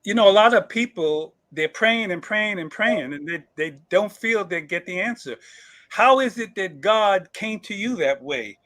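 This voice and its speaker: A man co-hosts an interview and puts his questions in a conversational, thoughtful way. His voice is high for a man, and the recording is dry, with no room sound. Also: animated, unhurried, fairly bright tone, no room sound. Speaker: co-host.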